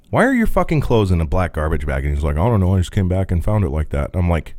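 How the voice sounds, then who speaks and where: A man's voice: sits low, fast, hardly any pauses, no echo, studio quality. A man co-hosting a podcast, telling a long story in casual chat, with lots of swearing and laughing. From rural Midwest. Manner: profane, animated, laughing storyteller. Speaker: podcast co-host.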